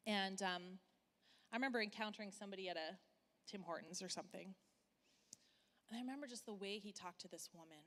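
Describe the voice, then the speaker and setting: A woman's voice: medium pitch, a bit bright. Woman preaching, candid and conversational. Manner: candid, conversational, many fillers, slows for emphasis. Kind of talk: sermon with personal story. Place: church hall. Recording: church hall reverb with music.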